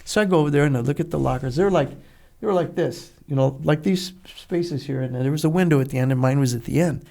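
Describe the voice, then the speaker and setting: A man's voice: fairly high pitch, fast, gravelly, hardly any pauses, darkish tone. A man in his seventies, a guest on an interview show, telling blunt, profane stories in a casual way and acting out the dialogue as he goes. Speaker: guest, Vietnam veteran.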